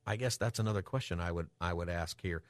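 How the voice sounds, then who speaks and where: A man hosting a call-in radio show, thinking aloud and halting with ums and restarts. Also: deep voice, no room sound, studio quality.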